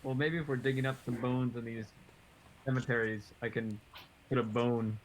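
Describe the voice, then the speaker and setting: A man at a tabletop game, cooking up mischievous plans in a playful, rambling way. His voice is mid-pitched, with a faint hiss in the recording. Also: fairly even intonation, moderate pace, rough recording. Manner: joking, scheming, laughs often. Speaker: player. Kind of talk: casual tabletop play.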